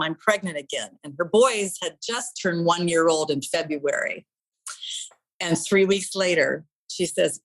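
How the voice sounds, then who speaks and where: A woman's voice: mid-range voice, fairly bright tone, low-quality recording. A middle-aged woman, a guest in an interview, telling her story in an earnest, heartfelt way.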